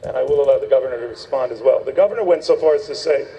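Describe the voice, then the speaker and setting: A man moderating a televised debate, brisk and pressing with his questions. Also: mid-range voice, mellow, a little hiss or hum, rough recording. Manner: brisk, pressing, quick to interrupt.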